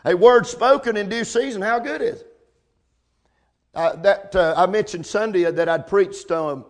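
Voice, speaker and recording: A man preaching a sermon, calling out amen and come on now between points. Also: sits high.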